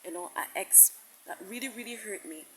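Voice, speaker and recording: A woman's voice: medium pitch, brisk, a bit bright, poor audio. Woman preacher, impassioned sermon, repetitive, restarts often, faint hiss behind. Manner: impassioned, repetitive, quotes God at length. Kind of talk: recorded sermon message.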